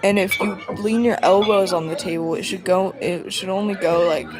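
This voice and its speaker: A woman's voice: medium pitch, steady tone, moderate pace. A woman streaming a story game, reading lines aloud and breaking off into giggly, rambling, self-mocking asides. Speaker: streamer playing a visual novel. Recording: game music and crowd chatter behind.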